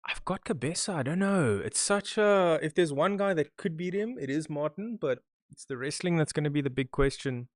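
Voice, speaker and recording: Chatty podcast host. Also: male voice, fairly high pitch, lively intonation, normal speed, hardly any pauses, dry recording, studio quality. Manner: chatty, talks to his live chat. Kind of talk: live watch-along commentary.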